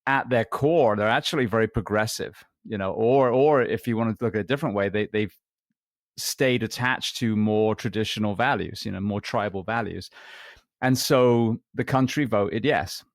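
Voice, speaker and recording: A man hosting a podcast interview, asking questions and telling a backstory in a thoughtful, measured way with frequent ums. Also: on the low side, no echo, clean studio sound. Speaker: podcast host.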